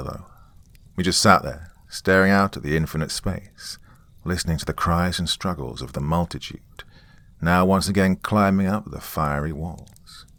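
Deep-voiced man narrating a dark story. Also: no room sound. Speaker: audiobook narrator. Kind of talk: scripted narration.

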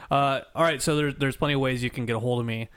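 A man with a mid-pitched voice hosts a podcast in a dry, deadened room. He banters with an easy laugh and reads out contact details in a relaxed way. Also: fast talker, clear, resonant tone, dry recording. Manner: laughing, easygoing sign-off banter. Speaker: podcast host. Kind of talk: casual podcast chat.

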